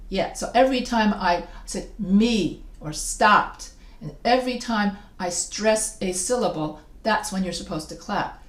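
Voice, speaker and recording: A woman's voice: medium pitch, lively intonation, unhurried. Woman teaching in an echoey room. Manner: self-deprecating, restarts often. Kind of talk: recorded lecture.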